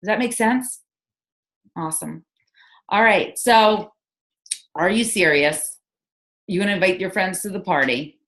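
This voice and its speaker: A woman's voice: mid-range voice, moderate pace, pauses often, a bit bright. A woman leading a team call, coaching with energy and enthusiasm and firing off rhetorical questions. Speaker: sales team leader. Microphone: conference call.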